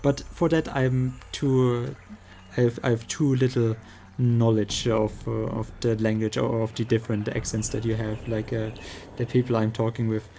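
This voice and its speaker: A man with a German accent, a native German speaker, chatting casually with his audience while gaming and pausing often to search for words. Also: mid-range voice, flat delivery, vocal fry, dark tone, slight background noise. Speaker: streamer.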